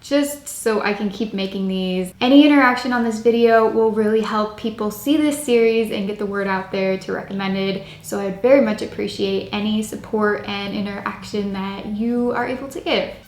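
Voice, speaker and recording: A young woman hosting a casual craft-kit testing vlog, with a dry, low-key delivery and little pitch range. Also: steady tone, moderate pace, few pauses, a little mellow. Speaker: craft channel host. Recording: echoey room with faint hiss.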